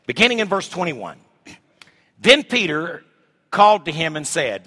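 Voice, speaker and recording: Speaking a little slowly, with long pauses and a sing-song rhythm, a pastor preaches in a fairly high, sharp voice. He reads scripture and asks emphatic rhetorical questions of the congregation, all in long hall reverb.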